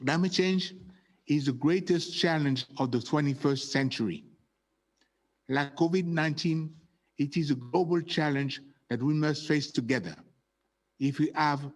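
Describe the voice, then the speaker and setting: A man who is a head of state giving a solemn, deliberate formal speech. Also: on the high side.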